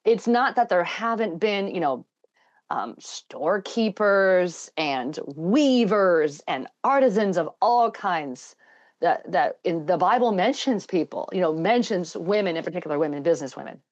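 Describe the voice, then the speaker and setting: A woman with a somewhat low voice talks in earnest, thoughtful stretches that wander a little as she goes. The sound is dull and lo-fi, like a remote call. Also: lively intonation, a little slow. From Scotland. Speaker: podcast guest, engineer and math educator. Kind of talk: casual interview chat.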